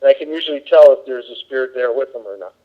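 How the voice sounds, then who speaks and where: A man's voice: mid-range voice, fast, phone-quality sound. A man, a psychic medium guest, talking in a casual podcast chat, emphatic and easily exasperated.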